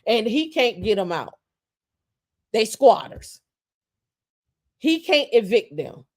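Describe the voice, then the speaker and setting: Woman podcast co-host, a bit high in pitch, passionate ranting delivery full of emphatic repetition. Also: sing-song, takes it slowly, pauses often. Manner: impassioned, ranting, repeats phrases for emphasis. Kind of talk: casual opinion talk.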